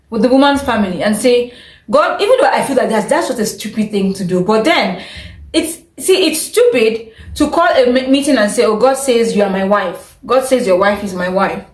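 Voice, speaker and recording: A woman talks straight to her audience in a casual opinion vlog. Her voice sits a little high, and she speaks in a chatty, opinionated way, often breaking into laughter. The sound carries a roomy echo. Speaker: vlogger.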